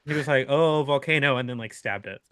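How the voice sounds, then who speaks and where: A young man hosting a podcast, telling a long story in an animated, laughing way with many restarts. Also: mid-range voice, quick pace, no room sound. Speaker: podcast host. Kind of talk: casual storytelling chat.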